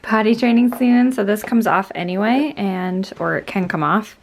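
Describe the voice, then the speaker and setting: A woman filming a casual daily vlog at home, chatting to the camera and gently to her toddler. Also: mid-range voice, moderate pace. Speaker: mom vlogger. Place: family home, indoors. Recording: noisy home camera recording.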